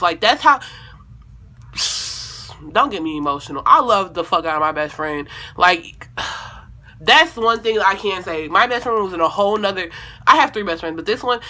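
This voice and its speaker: A young woman vlogger telling a personal story in a casual, animated way, with lots of profanity and acted-out quotes. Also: medium pitch.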